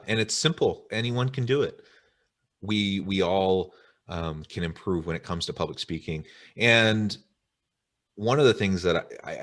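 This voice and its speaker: Male webinar host, very deep voice, thoughtful and long-winded, on a video call. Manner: reflective, wordy, with filler ums. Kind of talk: interview chat.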